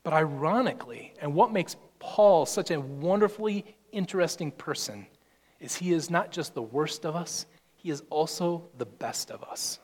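Man, preacher, sermon, fairly high voice, long hall reverb. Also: lively intonation, moderate pace, darkish tone. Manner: expository preaching, quoting scripture and acting out Paul's voice.

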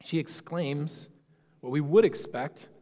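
A pastor giving a sermon, explaining a Bible passage in a conversational, musing way. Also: male voice, fairly high pitch, slow, a little mellow, long reverb tail.

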